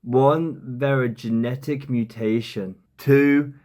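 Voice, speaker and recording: A man's voice: medium pitch, steady tone, slow pace, dark tone. A man delivering sarcastic, mocking commentary on a podcast clip for a comedy video. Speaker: commentary YouTuber.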